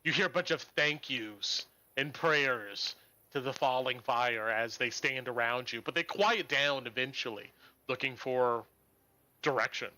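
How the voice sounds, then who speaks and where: A man's voice: mid-range voice, measured pace, sharp tone. A man narrating a tabletop game as game master, describing scenes and giving voice to crowd characters.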